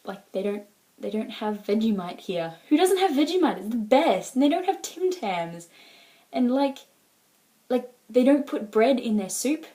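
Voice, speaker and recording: An Australian woman chatting straight into her camera, a bit high-pitched but with a soft, mellow tone. She rambles and loops back, sprinkling "like" and "um" through every thought. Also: lively intonation, unhurried. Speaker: exchange student vlogger. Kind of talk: casual chat to camera.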